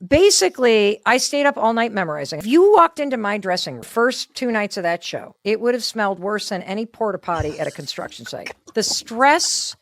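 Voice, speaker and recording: A woman in her fifties, telling stories in a casual chat in an animated, self-deprecating way and acting out what people said. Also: medium pitch, a little fast, hardly any pauses, dry recording. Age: 50s. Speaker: guest.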